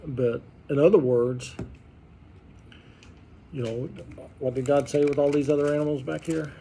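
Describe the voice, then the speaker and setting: A pastor leading an informal Bible study, talking conversationally and quizzing the group with questions. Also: male voice, fairly high pitch, steady tone, a little slow, vocal fry, dark tone, a little hiss or hum. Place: church study group room.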